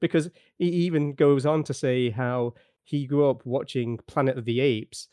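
A man's voice: medium pitch, steady tone, moderate pace, darkish tone, clean tone, no echo, clean studio sound. A man with a Yorkshire accent, a guest in a casual podcast chat, thoughtfully explaining his views. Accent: Yorkshire English. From Yorkshire, England.

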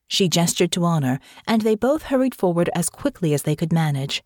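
Brief: expressive woman reading an audiobook, low-pitched and animated, dry studio mic. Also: fairly quick, no echo. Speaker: audiobook narrator. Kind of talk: scripted narration.

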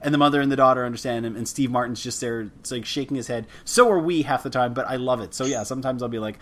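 Over a noisy background, this Canadian film-podcast host talks quickly, with few pauses, in a medium-pitched voice. His casual interview chat with a guest rambles, pokes fun at himself, and often restarts.

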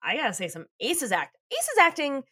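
A woman's voice: high voice, huge pitch swings, moderate pace, pushed and bright, no echo, clean studio sound. A woman co-hosting a podcast, chatting casually as she recaps a TV episode, laughing often and swearing freely. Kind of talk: casual chat.

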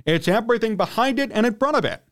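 A male sports radio host with a notably high voice launches into a heated, indignant rant. He talks like a man worked up about his team and keeps clearing his throat. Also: expressive, fast, a bit bright.

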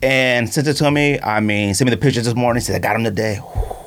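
Talking fast in a mid-range voice, this man hosts a laid-back podcast full of stories, frequent laughter, and quotes he performs himself. He uses a studio microphone, and there's a little hiss or hum on the recording.

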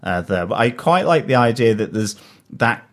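A man's voice: mid-range voice, lively intonation, normal speed. A man co-hosting a podcast, chatting enthusiastically about a TV episode with plenty of fillers. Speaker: podcast co-host. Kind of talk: casual chat.

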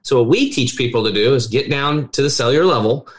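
A middle-aged man speaks as a health coach in a relaxed podcast conversation. He tells stories in an animated, persuasive way, and his voice sits at an ordinary middle pitch for a man. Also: fast. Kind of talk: casual podcast interview talk.

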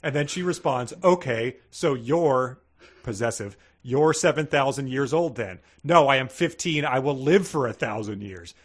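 A man's voice: medium pitch, lively intonation, normal speed, breathy edge. A man co-hosting a comedy book-reading podcast, reading quotes aloud and mocking them sarcastically. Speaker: podcast co-host.

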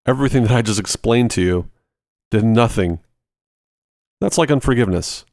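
A man's voice: lowish voice, moderate pace, darkish tone, no echo, studio quality. A man hosting a ministry podcast, teaching in a conversational way and walking through everyday examples step by step, repeating short phrases for emphasis.

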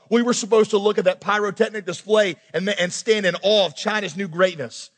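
A male pastor preaching a sermon, animated, acting out quoted characters as he goes. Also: high-pitched, fairly quick, hardly any pauses, big-room sound.

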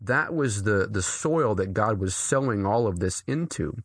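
A man from New England, an author and pastor, talking earnestly as an interview guest, with quick restarts and frequent laughs. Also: fairly low pitch, lively intonation, slightly rough, no room sound, clean studio sound.

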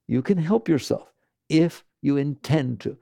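Male teacher, gravelly voice, dry close sound, emphatic storyteller who keeps asking "right?". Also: a little high, lively intonation, measured pace, dark tone, dry recording. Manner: tells stories and acts out other people's lines. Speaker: spiritual teacher. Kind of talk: spoken teaching talk to an audience.

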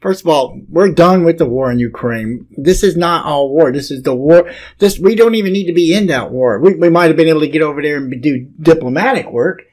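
A man hosts a casual talk show. His voice sits a little high for a man. He rambles and stumbles over the first words of his sentences. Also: animated, a little fast, darkish tone. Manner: rambling, repeats words when starting sentences.

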